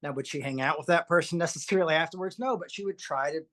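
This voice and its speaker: A podcast host telling personal stories in an animated, anecdotal way, often repeating words. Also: mid-range voice, quick pace. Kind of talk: podcast conversation, personal storytelling.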